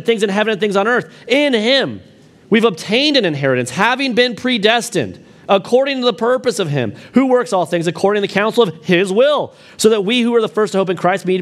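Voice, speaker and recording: A man preaching a sermon, reading scripture in a low, slow voice and rising when he presses a point. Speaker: pastor.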